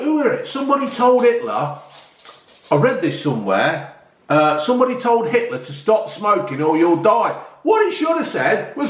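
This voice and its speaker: In an echoey room, a middle-aged male vlogger with a high-pitched, fairly bright voice and big pitch swings chats casually at normal speed. He reviews newspaper stories, reacting bluntly in a ranting, heavily sweary commentary.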